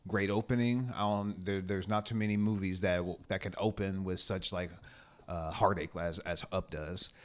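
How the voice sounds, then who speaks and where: A man co-hosting a casual movie review chat, animated and laughing often as he acts out scenes. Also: low-pitched, moderate pace. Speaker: podcast co-host.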